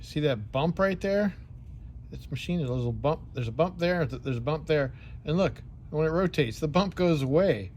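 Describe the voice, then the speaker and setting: This American man's voice is a little high, expressive, and a little mellow, at a moderate pace. As channel host he chats casually while taking a gun apart and cleaning it, thinking aloud, muttering, and joking on tangents. The low-quality recording has slight background noise.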